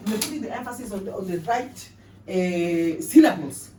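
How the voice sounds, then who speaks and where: A woman's voice: mid-range voice, expressive, normal speed, noisy background. A woman from Kenya, a vocal coach giving a voice lesson, explaining patiently and singing solfege examples. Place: indoor room. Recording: echoey room from far off.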